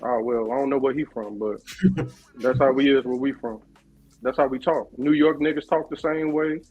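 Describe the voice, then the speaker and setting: A man's voice: medium pitch, steady tone, normal speed, dark tone, muffled recording, faint music behind. A man from Chicago on a podcast panel, brash and defensive in slangy debate.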